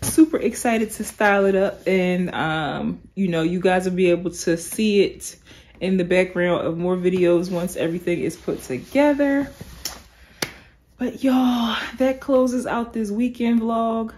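A woman vlogging casually to camera, telling stories in an animated way and calling her viewers "y'all"; she says she is sleepy. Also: medium pitch, a little slow, a little hiss or hum. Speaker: lifestyle vlogger. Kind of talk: casual vlog chat to camera.

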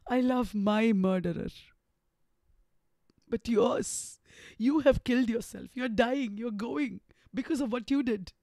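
Brief: woman reading an anguished, vengeful lover with an Indian English accent, slow and heavy, close dry sound. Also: a little high, mellow, no echo. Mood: bitter. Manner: impassioned dramatic reading. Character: tormented grieving man, passionate, vengeful.

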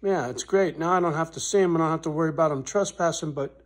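A man venting to camera in a personal vlog, blunt and swearing, his voice swelling loud when he is angry and then dropping soft. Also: a little high. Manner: slow, deliberate delivery with pauses. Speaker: vlogger on his rural property.

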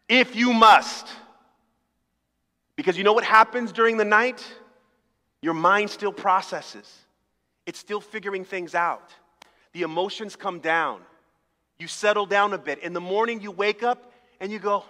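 A man's voice: high-pitched, lively intonation, moderate pace, bright, forceful tone. A man preaching a sermon as pastor, talking in a conversational, humorous way and acting out little dialogues. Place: church sanctuary. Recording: long reverb of a church hall.

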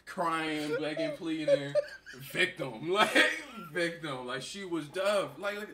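A man's voice: fairly high pitch, slow pace, very noisy. A young man casually commenting on a video with his brother, laughing often and acting out what people say. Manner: animated, laughing, acts out quotes. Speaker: co-host reacting to a video.

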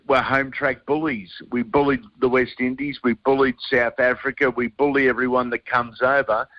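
A man's voice: medium pitch, dry recording, lo-fi sound. An Australian man, a guest sports broadcaster, in casual radio chat, blunt and colloquial. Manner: blunt, colloquial, says mate a lot.

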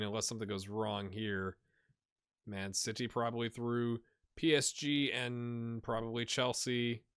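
A man hosting a let's-play video, chatting casually and thinking aloud as he plays, getting excitable when things go well. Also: medium pitch, smooth, no room sound, studio quality. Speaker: gaming channel host.

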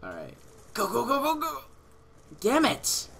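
A teenage man commentating his own gameplay casually, excitable and swearing, with sudden yells at other players, on a headset mic. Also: very high-pitched, measured pace, creaky, slight background noise. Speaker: gaming channel host.

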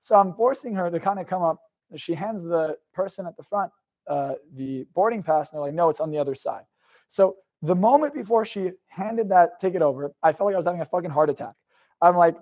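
A young man with a high, slightly mellow voice speaks fairly quickly as he gives a live motivational talk. He recounts an intense personal story to the audience, curses freely, and puts questions to the crowd.

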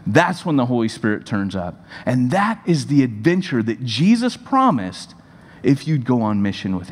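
Animated man preaching in a reverberant hall. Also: on the high side. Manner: animated, rambling storyteller with many fillers. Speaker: pastor. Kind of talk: sermon storytelling. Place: church hall.

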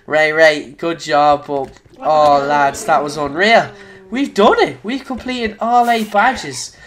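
A young Irish man giving excitable live commentary on his own gameplay, swinging between quiet muttering and loud shouts. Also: on the high side, slow pace. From Ireland. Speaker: gaming YouTuber.

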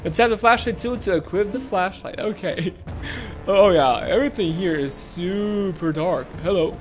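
A woman host giving excitable let's-play commentary on a game, talking to her viewers and repeating words when things get tense. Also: lowish voice, normal speed, faint music behind. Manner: excitable, talks to viewers as "guys", shrieks and repeats words under pressure. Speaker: gaming channel host.

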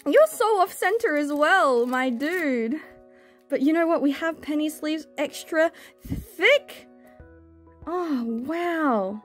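A young woman chatting casually as she opens card packs on camera, excitable and gushing, squealing over good pulls. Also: high voice, slow, soft background music. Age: young adult. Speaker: card-opening vlogger. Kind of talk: casual chat while opening card packs.

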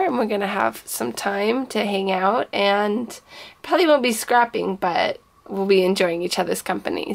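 A woman's voice: on the high side, gravelly. A woman chatting casually as she unboxes gifts on camera, gushing over each small item and sprinkling in Japanese phrases. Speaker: scrapbooking vlogger.

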